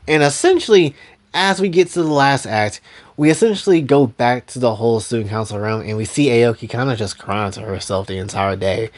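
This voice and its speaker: A man's voice: mid-range voice, expressive, brisk. A man casually recapping and commenting on his own story, rambling with lots of fillers. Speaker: creator recapping his own anime series.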